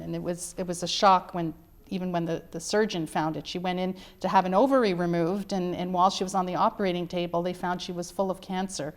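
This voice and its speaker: A middle-aged woman, an author being interviewed, telling her family's story in an earnest, emphatic way. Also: on the low side. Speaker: author guest. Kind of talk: interview conversation.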